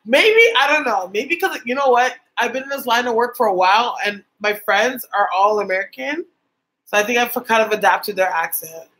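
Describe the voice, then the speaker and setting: A woman's voice: fairly high pitch, bright, forceful tone, low-quality recording. A young woman from Canada chatting casually with viewers on a livestream as a psychic medium host, reading their comments aloud.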